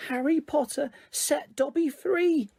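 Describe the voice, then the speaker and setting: A man voicing a tiny, excitable, devoted male house-elf with a shrill, squeaky voice who talks about himself in the third person, in an audiobook reading. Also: slow, gravelly, heavily acted.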